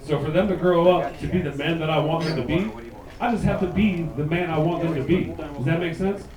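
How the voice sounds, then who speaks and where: A man in his thirties performing a profane stand-up set, loud and punchy, slipping into mocking put-on voices. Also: fairly high pitch, steady tone, fairly quick. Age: 30s. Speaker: stand-up comedian. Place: comedy club stage. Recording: echoey club, mic heard from a distance, laughing crowd.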